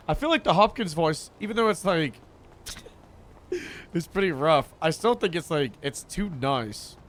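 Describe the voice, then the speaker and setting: A man's voice: on the high side, lively intonation, measured pace, a bit bright, a little hiss or hum. A man streaming a game, chatting casually and amused with himself. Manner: chatty, laughing, self-amused. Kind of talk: casual gameplay chat.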